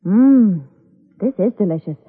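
A woman guest star acting in a 1950s radio drama, with a soft, gracious manner. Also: mid-range voice, expressive, unhurried, husky. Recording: tinny lo-fi vintage radio broadcast.

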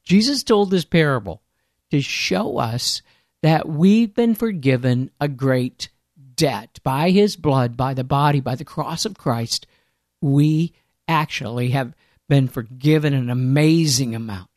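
A man's voice: mid-range voice, lively intonation, unhurried, darkish tone, no echo, studio quality. A man preaching a sermon in an earnest, emphatic way, with conversational asides to his listeners.

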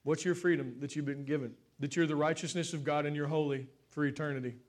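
A man preaching a sermon to his church, swinging between fervent declarations and soft, emotional asides. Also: fairly high pitch, fairly even intonation, quick pace. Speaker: pastor. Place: church stage with congregation.

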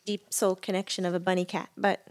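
A middle-aged woman who co-hosts a podcast and works as a medium tells funny stories in casual chat, laughing often. Her voice is lowish and a little fast, and she's giggly and animated.

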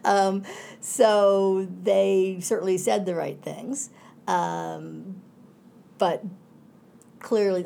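A woman's voice: fairly low pitch, steady tone, takes it slowly, vocal fry, long pauses, dark tone, a little hiss or hum. A middle-aged woman professor in a conversational interview, speaking reflectively in winding asides.

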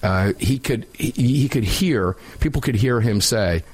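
A man's voice: medium pitch, animated, unhurried, darkish tone, husky. A man hosting a talk radio show, opinionated and sarcastic, chatting casually with a co-host. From United States. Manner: opinionated, sarcastic, laughs while mocking.

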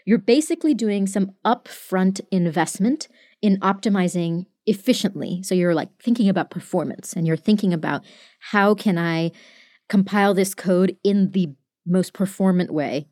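A woman's voice: mid-range voice, a little mellow, no room sound. Chatty woman explaining, dry sound. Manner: chatty, many filler "like"s, quick asides. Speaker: podcast co-host explaining code. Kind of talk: casual explanatory chat.

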